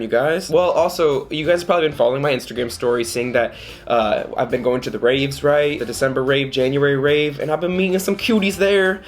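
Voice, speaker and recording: A man telling a dating story to camera in a casual, jokey way, often jumping into high mock voices.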